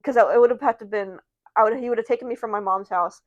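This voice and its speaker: Fast-talking woman co-host, dry sound. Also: on the high side, no room sound, muffled recording. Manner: quick, laughs often, casual swearing. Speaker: podcast co-host. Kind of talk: casual chat.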